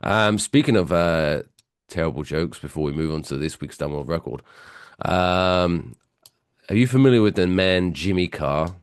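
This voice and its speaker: Male podcast co-host, very deep and lively in pitch, rambling and joking, voice going hoarse, dry close mic. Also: normal speed, no room sound. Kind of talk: casual podcast banter.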